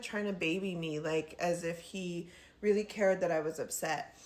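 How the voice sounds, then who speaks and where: A woman telling a personal story straight to her viewers in a casual, earnest way, often pausing and calling them "you guys". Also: lowish voice, steady tone, a little mellow.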